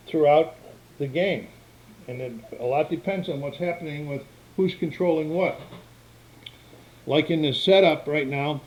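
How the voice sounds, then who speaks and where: Filmed at home with a camera microphone, an older man strolls through a tabletop game's setup in a plainspoken, wandering way. His voice sits on the high side with a darkish tone, and the recording sounds muffled.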